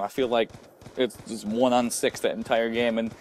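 A young man giving live commentary over his own online shooter match, swinging between quiet muttering and frustrated yelling. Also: medium pitch, level tone, moderate pace, a little hiss or hum. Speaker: gameplay commentator.

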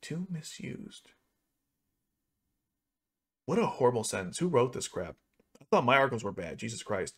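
A young man commenting on an article for his video channel, ranting in an exasperated, sarcastic way with sudden jumps in pitch. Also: big pitch swings, fast talker. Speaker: YouTube anime commentator. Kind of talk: reacting to and rebutting an article.

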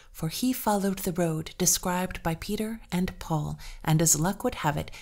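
A woman storyteller reading a folktale aloud in a measured, expressive way. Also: lowish voice, creaky. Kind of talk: scripted narration of a folktale.

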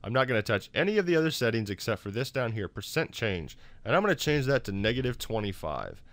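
A man's voice: medium pitch, very animated, fast talker, fairly bright tone, no room sound. Easygoing man rambling through a tutorial. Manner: loose, full of fillers and restarts. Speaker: YouTube tutorial maker. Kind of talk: casual software tutorial narration.

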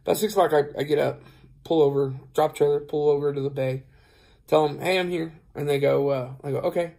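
Gravelly, dark-voiced tired trucker. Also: male voice, on the high side, fairly even intonation, fairly quick. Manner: rambling, retells dialogue, many fillers. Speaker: truck driver vlogger. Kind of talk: casual storytelling vlog.

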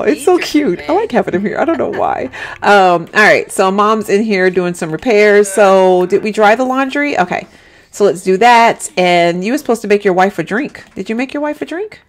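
A woman's voice: medium pitch, very animated, normal speed. A woman giving chatty, giggly let's-play commentary on a life-simulation game, talking straight to her viewers.

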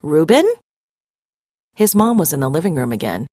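A woman reading a story aloud expressively and pausing to define vocabulary words. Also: sits low, no room sound, studio quality. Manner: animated, dramatic storytelling. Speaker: reader.

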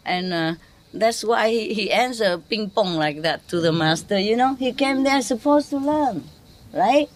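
A woman's voice: medium pitch, lively intonation, a little slow. A woman with a Vietnamese accent giving a spiritual teaching talk to an audience, playful, laughing often and quizzing her listeners.

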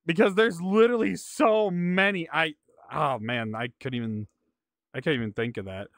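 A young male podcast host with a somewhat high, bright, forceful voice. He talks easygoing and slangy, and his sentences often trail off. The recording is dry and close. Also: moderate pace, no echo. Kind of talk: casual podcast conversation.

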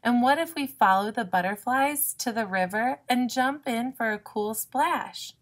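Woman doing a high eager little duck, cheerful, excitable, storybook voice, loud exclamations. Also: unhurried, natural voice.

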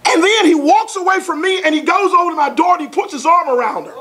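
A man's voice: very high-pitched, lively intonation, very fast, hardly any pauses, a bit bright. A man in his forties giving a motivational talk, telling a family story in a folksy, chuckling, exclamatory way. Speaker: motivational speaker. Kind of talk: animated storytelling talk to an audience.

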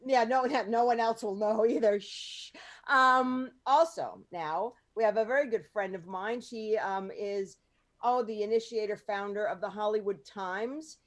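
A woman hosting a podcast panel in casual chat, talking freely with lots of ums and quick asides. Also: mid-range voice. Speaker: podcast host and producer.

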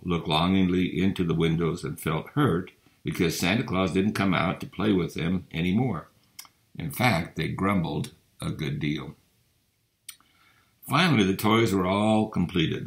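A man with a very low, gravelly voice reads a children's Christmas story aloud. His delivery is gentle and unhurried, with plenty of fry at the ends of phrases.

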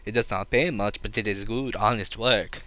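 A man's voice: lowish voice, steady tone, moderate pace, sharp tone, dry recording. Formal game gatekeeper, done by a man, odd made-up accent. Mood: helpful. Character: male castle gatekeeper with an odd put-on accent.

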